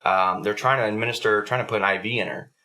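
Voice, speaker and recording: A man's voice: lowish voice, steady tone, quick pace, bright, forceful tone. A young adult man hosting a podcast, telling a story in a casual, profanity-heavy way. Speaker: podcast host.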